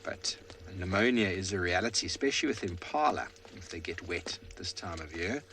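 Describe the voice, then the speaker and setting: A man guiding a live safari drive from an open vehicle in the rain, explaining the wildlife in a relaxed way with fillers. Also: sits low, moderate pace, background noise. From South Africa. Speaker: safari field guide. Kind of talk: live game drive commentary.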